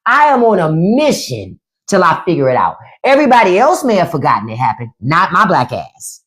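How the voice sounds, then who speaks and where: This middle-aged woman's voice is on the low side and her delivery brisk as she hosts a live stream. She spins profane, animated tales, performing the quotes herself.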